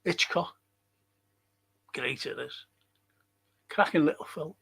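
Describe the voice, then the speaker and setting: Slow, grumbling older English host. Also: male voice, fairly high pitch, gravelly, bright, forceful tone, husky. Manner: grumbling, swears a lot, moaning. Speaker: livestream host. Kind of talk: casual live chat reading viewer comments.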